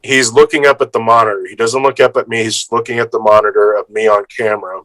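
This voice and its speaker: A man, an improv performer, telling a casual anecdote with lively energy, acting out other people's lines and swearing freely. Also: lowish voice, fast talker, no echo, rough recording.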